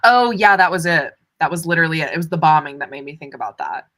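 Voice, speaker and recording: A woman's voice: sits low, animated, fast, a bit bright. A young woman co-hosting a book club, chatting enthusiastically with playful asides. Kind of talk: casual chat.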